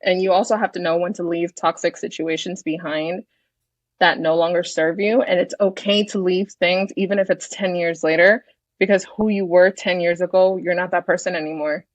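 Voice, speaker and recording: A woman in her thirties chats as a podcast guest with a frank, self-assured manner and the odd swear word. Her voice sits on the low side. The recording is dry and a little dull, with no room sound. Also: steady tone, normal speed, dry recording. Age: 30s. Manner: confident, frank, swears freely. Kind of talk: casual interview chat.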